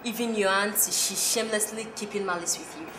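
A woman's voice: mid-range voice, fairly even intonation, fairly quick, noisy background, close to an everyday voice. A woman playing a blunt friend who scolds and mocks sarcastically. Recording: roomy, distant, music underneath.

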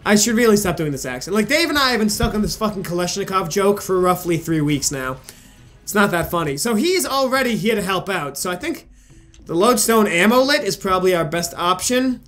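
A man's voice: high-pitched, animated, fairly quick, a bit bright. A young man hosting a gaming channel, rambling and joking with plenty of swearing as he comments on his play. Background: faint game music.

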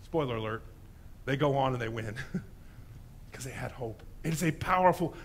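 A man preaching a sermon in a church, telling a story with lively animation and acting out the voices in it. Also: mid-range voice, normal speed, slight background noise. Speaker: pastor.

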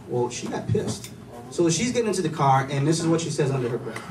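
A man's voice: fairly high pitch, lively intonation, quick pace, roomy sound, distant mic, noisy background. A man performing a stand-up comedy set, telling loose, chatty stories with lots of fillers. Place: comedy club stage. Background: room ambience and audience laughter.

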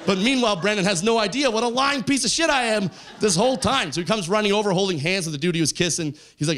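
A man doing a stand-up set on a club stage, telling a story with lively character voices. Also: sits high, quick pace, few pauses. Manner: animated storytelling, acts out characters. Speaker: stand-up comedian. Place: comedy club stage with audience.

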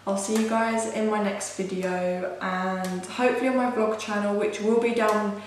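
A young woman vlogging casually as she unboxes something, excitable and gushing, with lots of "like" fillers. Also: medium pitch, normal speed. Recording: very echoey room, faint hiss.

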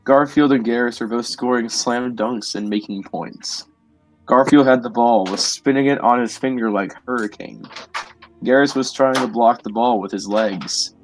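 A man reading a silly fan story aloud as a podcast host, flat and mock-serious. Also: mid-range voice, normal speed, soft background music, poor audio.

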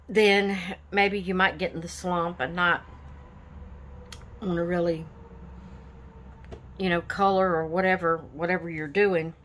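A woman's voice: fairly low pitch, fairly bright tone. A woman hosting her own coloring channel, chatting casually and rambling with many fillers as she shows her finished pages. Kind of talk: casual show-and-tell vlog.

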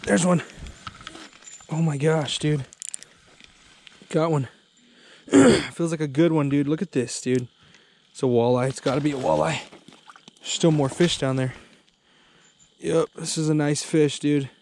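Excitable young man fishing on ice. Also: fairly high pitch, measured pace, gravelly, long pauses, slight background noise. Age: 20s. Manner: excitable, says "dude" constantly. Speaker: fishing vlogger. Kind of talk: excited outdoor vlog commentary. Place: outdoors on a frozen lake.

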